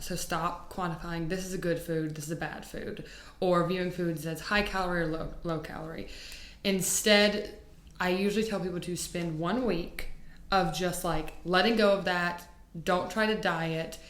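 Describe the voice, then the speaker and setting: A woman's voice: fairly low pitch, a bit bright, echoey room. A woman fitness coach giving casual advice and thinking aloud, with lots of filler words.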